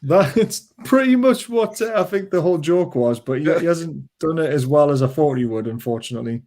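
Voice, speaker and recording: A man co-hosting a football podcast, joining in the casual banter with quick comebacks. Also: a little high, animated, a little mellow. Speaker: podcast co-host.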